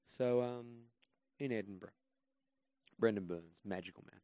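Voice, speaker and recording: A man's voice: lowish voice, a little slow, warm tone, dry recording. A man guesting on a podcast as a comedian, telling rambling, self-deprecating anecdotes in a casual way.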